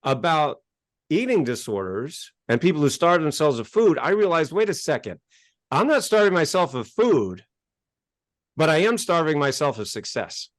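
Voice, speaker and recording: A man from the United States, a self-help author telling his life story as an interview guest, animated and acting out conversations. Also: a little high, normal speed, no room sound, studio quality. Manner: animated, gets worked up and acts out exchanges.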